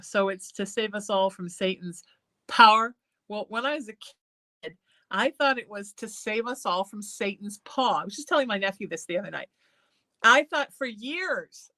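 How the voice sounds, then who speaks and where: A woman hosting a live psychic show, chatting in a rambling way, laughing often and drifting into soft singing. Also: medium pitch, dry recording. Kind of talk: casual live-stream chat.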